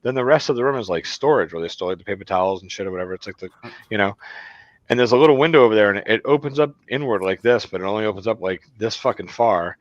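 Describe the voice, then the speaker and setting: A man's voice: on the low side, quick pace, no echo, lo-fi sound. A man telling crude, rambling stories in a casual group video chat, swearing freely. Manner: profane, rambling anecdotes. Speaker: channel host.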